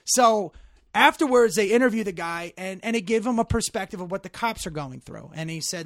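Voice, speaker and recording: A man's voice: high voice, lively intonation, brisk, fairly bright tone, no room sound, studio quality. A man in casual talk, speaking bluntly and profanely, rambling with many restarts and growing emphatic. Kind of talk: casual chat.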